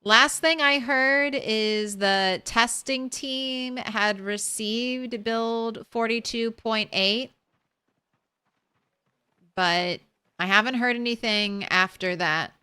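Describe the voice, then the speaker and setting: A woman's voice: on the high side, takes it slowly, sharp tone, clean tone. A woman streamer chatting casually while she plays, thinking aloud and laughing easily. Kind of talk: casual gameplay commentary.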